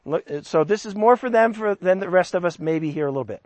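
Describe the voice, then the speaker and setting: A man's voice: sits high, animated, brisk, hardly any pauses, fairly bright tone, dry recording. A man preaching a sermon, chatting in a conversational way and lifting his voice for emphasis when he reads scripture. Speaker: pastor.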